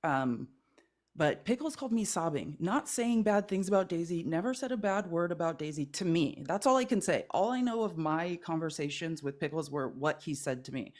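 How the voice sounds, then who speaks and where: A woman's voice: fairly low pitch, animated, normal speed, darkish tone. A woman guest in a casual conversation, telling a personal story in an earnest, rambling way with many fillers. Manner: earnest, rambling, heavy use of 'like'. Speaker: guest creator.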